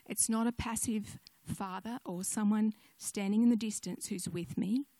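Older woman preacher, gentle storyteller, dry close sound. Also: medium pitch, fairly even intonation, moderate pace, no echo. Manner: gentle storytelling, conversational asides. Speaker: speaker sharing a devotional message. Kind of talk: personal testimony sermon.

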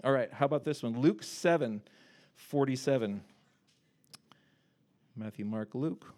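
Male preacher, mid pitch, casual and animated, reads verses then riffs on them. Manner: animated, conversational, breaks off to joke and paraphrase. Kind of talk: casual sermon with scripture reading.

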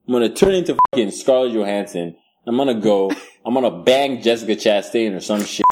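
A man riffing on a podcast with a lively, bouncing voice that leaps up and down as he tells stories. He swears freely and laughs through his own jokes, loose and animated. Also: medium pitch. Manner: animated, profane, laughing storyteller. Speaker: podcast co-host. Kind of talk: casual podcast banter.

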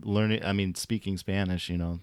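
A man's voice: low-pitched, steady tone, a little fast, clear, resonant tone, no room sound, studio quality. A man co-hosting a casual podcast, crude and joking between tossed-off remarks. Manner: joking, crude, plays silly voices. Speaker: podcast co-host.

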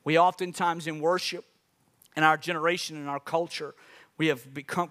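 Male preacher, high voice, exhorting, repetitive calls to the audience. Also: a bit bright. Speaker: pastor. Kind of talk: sermon.

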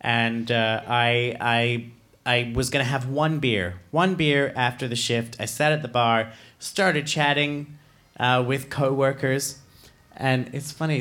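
A man's voice: medium pitch, steady tone, measured pace, a bit bright. A man from Australia with an Australian accent, chatting casually as a co-host, rambling and self-deprecating with lots of restarts. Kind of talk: casual chat.

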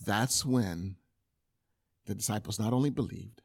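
A man preaching a sermon in a conversational, animated way, with everyday examples. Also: fairly low pitch, measured pace, creaky, slightly rough.

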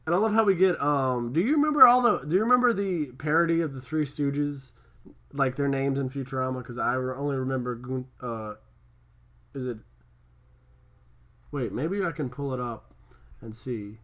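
A man's voice: mid-range voice, normal speed, pauses often, a bit bright. A man chatting casually and enthusiastically, rambling with lots of filler words as he recaps a cartoon episode. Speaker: podcast co-host.

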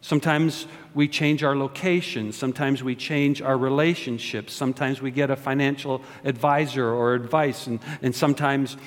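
A man's voice: mid-range voice, fairly even intonation, normal speed, hardly any pauses. A man preaching a sermon as a pastor, joking and asking his congregation questions. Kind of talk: sermon with prayer. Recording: long reverb of a large hall.

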